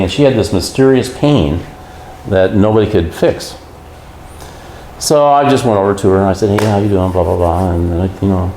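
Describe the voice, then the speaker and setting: Deep-voiced guy telling a story, acts out quotes, echoey room, faint hum behind. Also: a little mellow. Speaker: guest. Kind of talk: casual storytelling.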